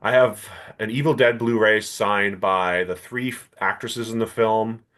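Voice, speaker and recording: A man co-hosting a comics podcast, telling anecdotes in a relaxed, casual way. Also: on the low side, measured pace. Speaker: podcast co-host. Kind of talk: casual chat, storytelling.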